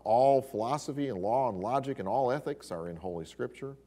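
Animated man teaching a Bible class. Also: mid-range voice, a little fast. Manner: animated storyteller with exclamations. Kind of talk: classroom lecture.

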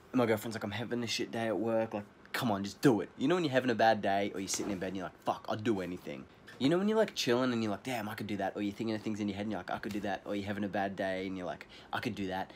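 Young man buzzing, swearing, fast-talking. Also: fairly low pitch, a little hiss or hum. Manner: excitable, swears constantly, rambling retelling. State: buzzing on adrenaline. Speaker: vlogger, scooter rider. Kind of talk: casual vlog to camera.

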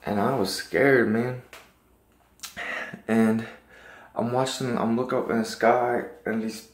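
A man's voice: medium pitch, fairly even intonation, takes it slowly, echoey room. A man telling a personal dream story in a casual, rambling and earnest way, full of restarts.

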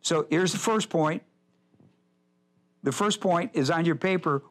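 Male pastor, higher-pitched voice, emphatic Bible-class teacher who repeats his points. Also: animated, a little slow, pauses often.

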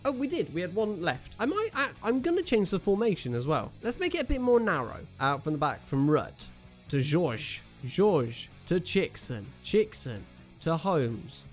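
Excitable young man commentating his game. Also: high voice, moderate pace, soft background music. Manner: excitable, jokey, groans and cheers at the play. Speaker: gaming YouTuber. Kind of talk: casual live game commentary.

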